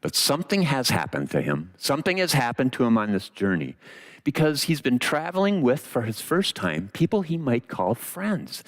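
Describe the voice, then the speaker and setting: Animated man telling a story in a sermon. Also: mid-range voice. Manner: expressive storyteller, dramatic pauses. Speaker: preacher.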